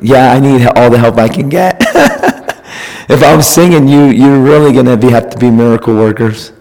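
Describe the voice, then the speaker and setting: A man's voice: medium pitch, moderate pace, creaky. A man serving as pastor, chatting casually and counting into the mic during a sound check before a sermon. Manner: relaxed, joking, counting into the mic. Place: church sanctuary. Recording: long hall reverb.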